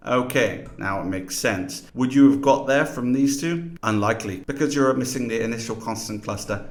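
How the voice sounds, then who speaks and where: A man's voice: lowish voice, moderate pace, few pauses. A man teaching a lesson in scripted narration, explaining terms and demonstrating pronunciations aloud.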